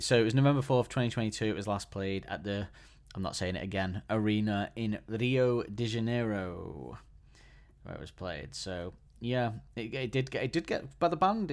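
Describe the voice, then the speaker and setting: A man's voice: fairly low pitch, a little mellow. A man hosting a podcast alone, chatting casually and enthusiastically, often restarting his sentences. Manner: enthusiastic, rambling, frequent restarts. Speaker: podcast host. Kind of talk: casual solo podcast chat.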